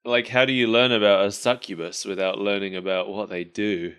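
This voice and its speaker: A man co-hosts a laid-back podcast, talking in a rambling, chatty way and laughing often at his own jokes. His voice sits a little low. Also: steady tone, a little fast, fairly bright tone, smooth. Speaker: podcast co-host. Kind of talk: casual chat.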